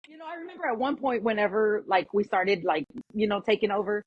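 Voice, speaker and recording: A woman guest telling a story in casual chat, animated and full of "like", acting out what others said. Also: medium pitch, fast, dull audio, slight background noise. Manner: animated, acts out quoted voices, lots of "like". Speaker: podcast guest.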